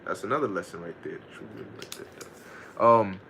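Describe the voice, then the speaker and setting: A man giving a casual scripture lesson, reading verses slowly and commenting in loose, profane talk with frequent laughter. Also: fairly low pitch, vocal fry, a bit bright, slight background noise. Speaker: Bible teacher.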